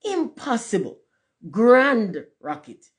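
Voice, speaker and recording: A reader putting on a conceited firework rocket who talks down to everyone in slow, grand pronouncements. Each line comes out haughty and self-important, as if the speaker were the most remarkable thing alive. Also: medium pitch, a little mellow, natural voice. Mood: indignant.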